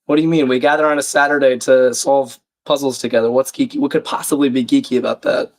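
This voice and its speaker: Croaky man hosting a casual livestream. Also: mid-range voice, fairly even intonation, fast. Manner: chatty, reads chat aloud, self-deprecating. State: croaky, a bit sick. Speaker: livestream crossword host. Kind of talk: casual live-stream chat.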